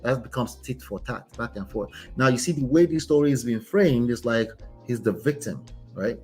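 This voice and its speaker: A man talks through a relationship story as a coach. His voice sits at a middling pitch, and he speaks with steady emphasis, often closing a point with a quick "right?". Faint music plays underneath. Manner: emphatic, tags lines with "right?". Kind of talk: commenting on a story he reads aloud.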